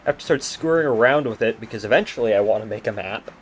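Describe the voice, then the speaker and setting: A man chatting casually with friends over voice chat while gaming, brash and quick to swear. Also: on the low side, slight background noise.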